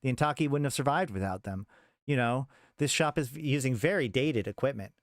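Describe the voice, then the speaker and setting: A man's voice: medium pitch, brisk, dry recording, studio quality, lightly acted. A man voicing a suave, wealthy male drug dealer who stays polite and amused, read from a story. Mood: smooth.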